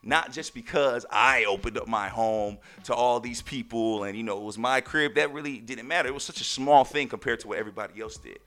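A man's voice: mid-range voice, fairly quick, hardly any pauses. A young man hosting a podcast, telling a family story in casual slang, full of "like" and "right?". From Texas. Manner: animated, talks in loose slang with lots of "like" and "right?". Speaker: podcast host.

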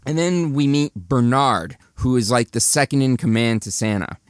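A man giving a chatty, animated recap of a movie's plot, restarting sentences as he goes. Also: mid-range voice, normal speed, smooth, no room sound, studio quality.

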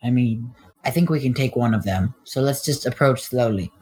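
A man's voice: mid-range voice, moderate pace, dark tone, slightly rough. A man playing a tabletop game, playful and swearing freely. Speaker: player. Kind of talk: casual tabletop play.

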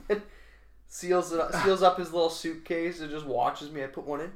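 A man's voice: fairly high pitch, normal speed, a little hiss or hum. Swearing young man telling stories, roomy echo. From Canada. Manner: animated storyteller, swears a lot, laughs often. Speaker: podcast co-host. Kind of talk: casual chat.

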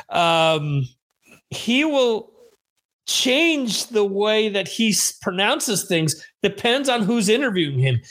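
A man's voice: sits high, a bit bright. A middle-aged man from the United States hosting a podcast, chatting casually in a rambling, joking way. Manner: rambling, self-deprecating, jokey. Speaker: podcast host. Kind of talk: casual chat on a live stream.

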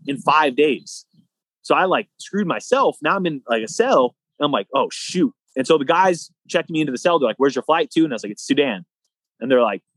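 A young man, a guest athlete, telling a long story in a casual, animated way, acting out both sides of the dialogue. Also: mid-range voice, dry recording.

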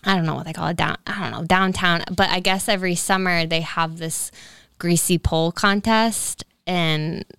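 A woman's voice: fairly low pitch, fairly even intonation, normal speed, creaky, a bit bright, clear, resonant tone, no room sound, studio quality. A young woman in her twenties telling a rambling personal story on a casual podcast, filling it with "like" and "um". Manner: rambling storyteller, heavy use of "like". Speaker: podcast co-host. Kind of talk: casual chat.

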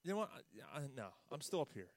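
A man's voice: on the high side, very animated, very fast, dry recording. A man hosting a casual sports podcast, swearing and rambling in exasperation. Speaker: podcast host.

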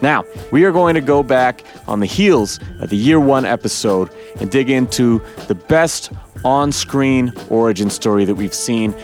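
A man's voice: medium pitch, lively intonation, measured pace, darkish tone, faint music behind. A man hosting a casual podcast chat, loose and swearing, acting out quotes. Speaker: podcast host.

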